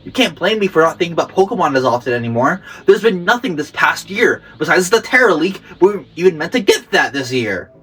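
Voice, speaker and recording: A man's voice: on the high side, sing-song, fairly quick, hardly any pauses, fairly bright tone, husky. A man, the channel host, acting exasperated and whiny in a comedy skit, his voice nasal from a cold.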